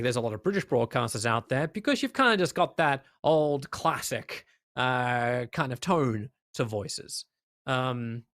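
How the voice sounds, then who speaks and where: A man with an Australian accent, an esports caster chatting as a guest in an interview, emphatic and lively with lots of fillers. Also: fairly high pitch, dry recording, studio quality. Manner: animated, emphatic, many fillers. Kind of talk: casual interview chat.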